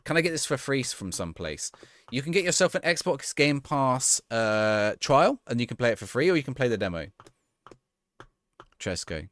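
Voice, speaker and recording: A man's voice: mid-range voice, very animated, moderate pace, fairly bright tone, no room sound. A man streaming a game, reading out viewers' questions and answering them offhand in casual chat, often restarting his sentences.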